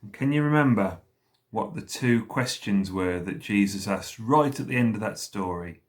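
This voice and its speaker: A man leading school worship, slowly retelling a story for children and pausing to ask them questions. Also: on the low side, expressive.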